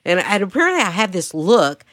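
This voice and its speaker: A woman's voice: medium pitch, very animated, fairly quick, a bit bright, no room sound, clean studio sound. A woman, telling a brash, profane story in casual chat. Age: 50s.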